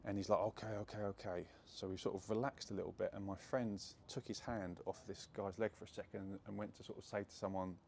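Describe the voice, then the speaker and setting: A man's voice: low voice, steady tone, fast, gravelly, hardly any pauses, darkish tone, slight background noise. A young adult man, chattily retelling a true story to camera with lots of fillers. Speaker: property investor telling a story.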